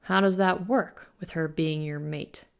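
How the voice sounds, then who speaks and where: A woman reading an audiobook voices an older male werewolf alpha, a weathered farmer with a low, gravelly, snarling and suspicious manner. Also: fairly even intonation, measured pace. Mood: gruff.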